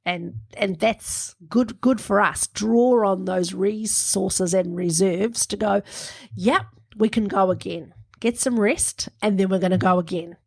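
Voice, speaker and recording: Gravelly, husky New woman in her fifties. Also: mid-range voice, a little slow. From New Zealand. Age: 50s. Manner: chatty, laughs often, reflective. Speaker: podcast co-host. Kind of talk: casual chat.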